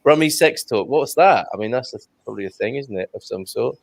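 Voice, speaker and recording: A man's voice: mid-range voice, animated, fairly quick, creaky. A man hosting a casual online chat show, joking around and reading out viewer comments. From Britain. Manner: jokey, reads out viewer comments. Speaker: host.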